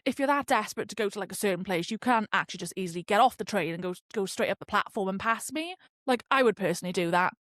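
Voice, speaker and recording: A woman hosting a podcast, telling a story in a chatty, animated way and swearing freely. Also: mid-range voice, quick pace, hardly any pauses, no echo, studio quality. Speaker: podcast host. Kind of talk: casual storytelling monologue.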